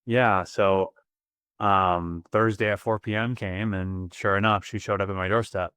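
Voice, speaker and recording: Low-voiced man telling a story, dry sound. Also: measured pace, clear, resonant tone, no room sound. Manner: earnest, vivid and excitable, with many repeated words. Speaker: podcast guest. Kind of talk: personal storytelling in a podcast interview.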